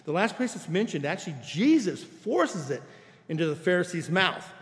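A man with a notably high voice delivers a sermon, moving between explanation and read-aloud scripture. His pastor's delivery is conversational rather than lofty. The recording carries the long reverb of a church sanctuary. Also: very animated, moderate pace. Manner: expository preaching, conversational with quoted scripture.

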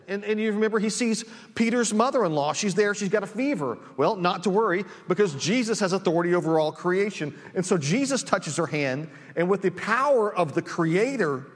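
A man preaching a sermon as pastor, earnest and often repeating words as he presses his points. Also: high voice. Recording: long church reverb.

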